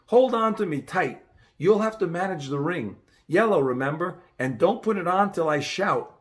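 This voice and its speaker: A man's voice: high voice, lively intonation, moderate pace, voice pushed up. A man voicing a brave, determined boy who speaks urgently.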